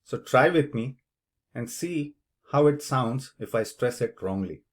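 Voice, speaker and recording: A man explains an English speaking test in an unhurried, measured way, like a lesson. His voice sits at an ordinary middle pitch. He stops to say example words aloud, showing which syllable takes the stress. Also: expressive. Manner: slow, deliberate, demonstrates word stress aloud. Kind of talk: instructional explanation.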